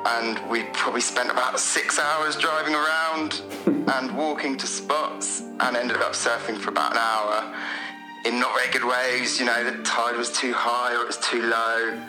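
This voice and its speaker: A man from Bristol calling in to tell a casual anecdote in a relaxed, rambling way. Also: mid-range voice. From Bristol, England. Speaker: caller. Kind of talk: casual storytelling. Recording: echoey room with faint music.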